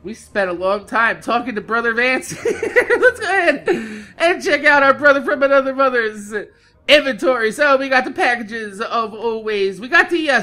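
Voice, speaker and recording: A man hosting a gaming video, telling a loud, profane story and laughing through it, then talking calmly through game gear. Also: very high voice. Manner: slows down and over-enunciates when quoting himself. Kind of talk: casual storytelling rant over gameplay.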